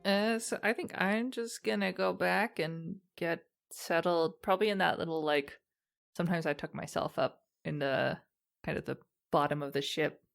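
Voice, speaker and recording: A woman's voice: lowish voice, moderate pace, vocal fry, faint music behind. A woman playing a tabletop game, talking in character in a hesitant, rambling way. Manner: hesitant and rambling, many fillers. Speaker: player. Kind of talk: casual in-character tabletop play.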